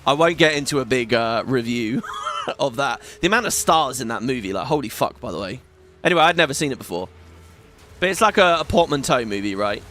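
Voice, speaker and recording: A man's voice: medium pitch, expressive, a little fast, fairly bright tone, soft background music. A British man in his thirties chatting casually and rambling while playing a video game. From Britain. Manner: chatty, rambling, swears, many restarts. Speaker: gaming YouTuber. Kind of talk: casual gameplay commentary.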